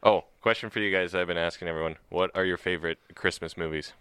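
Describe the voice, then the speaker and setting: A man hosting a casual podcast chat, laughing often and filling pauses with "like" and "uh". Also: deep voice, fairly even intonation, a bit bright, clean tone, no echo. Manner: laughs often, many fillers like "like" and "uh".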